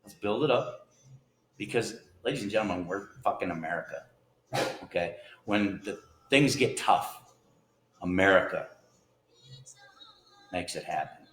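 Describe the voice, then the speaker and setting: This is a man's deep, unhurried voice rambling through a homemade vlog. He drifts between earnest reflections and sudden hearty outbursts, folksy and unscripted. The room rings back with echo, and a faint hiss sits under everything. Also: animated, a bit bright. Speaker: vlogger. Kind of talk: casual rambling monologue.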